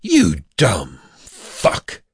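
A man's voice: lowish voice, huge pitch swings, slow, fairly bright tone, slightly rough, dry recording, clean studio sound, full character voice. A man putting on a sneering vampire lord. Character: menacing taunting male vampire lord.

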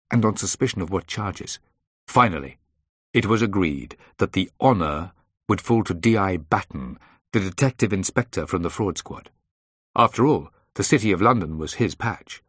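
Male audiobook narrator, low and measured, dead dry booth sound. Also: animated, slightly rough, no echo. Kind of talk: first-person audiobook narration.

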